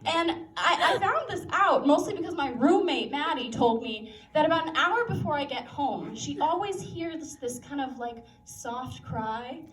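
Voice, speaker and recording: A young woman tells a self-mocking stand-up story at a campus coffee house, her voice high and light. She rambles with fillers and laughs at her own lines. The sound comes from a distance in an echoey room. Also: lively intonation, normal speed, hardly any pauses, a bit bright. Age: young adult. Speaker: stand-up comic. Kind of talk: stand-up comedy set. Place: university coffee house stage.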